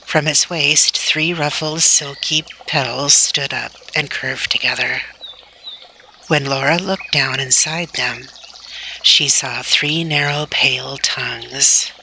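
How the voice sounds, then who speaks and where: A woman reads a children's storybook aloud in a slow, deliberate, gentle manner. Her voice is strikingly bright with a gravelly edge. A faint noise sits under the reading. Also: a bass voice, steady tone. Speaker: storybook reader.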